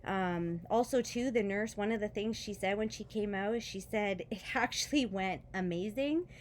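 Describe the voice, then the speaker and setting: Her mid-range voice moves at a moderate pace over a slight hiss or hum. As a vlogger with children, she tells her faith story after foot surgery in a casual testimony, earnest and chatty through the pain, with many fillers and brief laughs.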